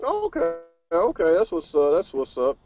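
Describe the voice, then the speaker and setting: A man hosting a casual gaming podcast, upbeat and quick to laugh as he turns to each guest. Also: on the high side, faint music behind. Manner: lively, laughing, calls guests by nicknames. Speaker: podcast host. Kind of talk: casual chat. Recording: dull lo-fi recording.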